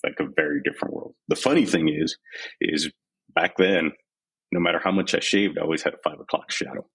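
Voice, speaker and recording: A man's voice: a bass voice, fairly even intonation, fairly quick, fairly bright tone, husky, poor audio. A man in his forties from San Antonio, Texas, telling his life story frankly as a podcast guest. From San Antonio, Texas, USA. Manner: frank, unguarded, retells scenes in quoted voices. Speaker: podcast guest, army veteran. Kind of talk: candid storytelling interview.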